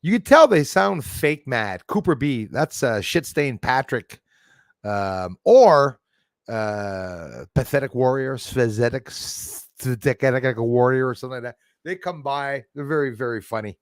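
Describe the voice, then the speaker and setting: A man's voice: medium pitch, lively intonation, measured pace, no echo. A man streaming live from the woods, talking to his chat in loose, rambling bursts. He is blunt and swears freely, shrugging off critics with a laugh. His mid-range voice sounds close and dry, with no room around it. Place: outdoors in a forest.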